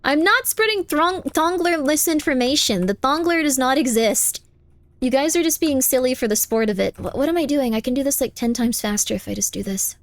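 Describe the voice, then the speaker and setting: A woman live streams a game, casually chatting with her viewers in a playful, teasing way, insisting on things over and over and breaking into squeaky high protests. She talks a little fast.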